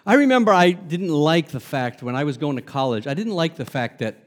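A middle-aged male pastor from Long Island, New York, preaches with a slightly raised voice that rings out in a long hall echo. He punches key words hard, then drops to quiet asides and adds light humor. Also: a little high, lively intonation, fairly quick. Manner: emphatic preaching that swings between loud stresses and soft asides, with humor. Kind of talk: sermon.

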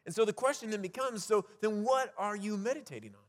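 Male pastor, higher pitch, casual preaching style full of restarts, recorded in a reverberant hall. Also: quick pace. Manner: conversational preaching with frequent restarts and rhetorical questions. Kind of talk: sermon.

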